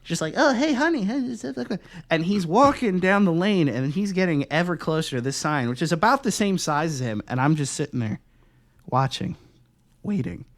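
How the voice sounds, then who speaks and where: A man co-hosting a podcast, telling stories in a casual, profane, animated way. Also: fairly high pitch, normal speed. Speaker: podcast co-host. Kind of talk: casual chat, storytelling.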